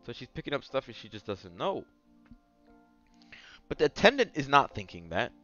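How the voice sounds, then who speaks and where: Animated man telling a dating story. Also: mid-range voice, normal speed, no room sound, muffled recording, faint music behind. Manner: animated, swings from mumbling asides to yelling bursts. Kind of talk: casual storytelling.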